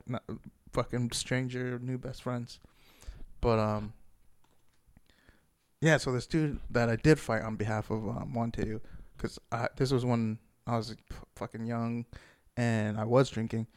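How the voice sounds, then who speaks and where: A man's voice: medium pitch, a little mellow. A man, a former Marine, telling a story in a casual, rambling way, swearing often and laughing as he goes.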